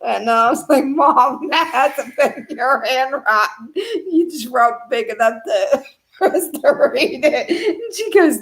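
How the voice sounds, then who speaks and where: A woman's voice: high voice, expressive, takes it slowly, fairly bright tone. A middle-aged woman telling a rambling family story in a live stream, laughing often as she goes. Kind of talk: casual storytelling.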